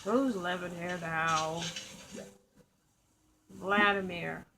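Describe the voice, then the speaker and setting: A woman's voice: on the low side, fairly even intonation, drawn-out words, noisy background. A young woman giving casual, sarcastic gameplay commentary, laughing often. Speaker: gaming channel host. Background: game music.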